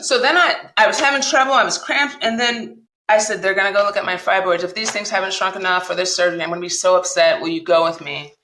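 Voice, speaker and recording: Bright-voiced woman telling her story. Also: mid-range voice, fast, few pauses, roomy sound, slight background noise, poor audio. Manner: animated retelling, acts out quoted dialogue. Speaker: guest. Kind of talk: personal storytelling interview.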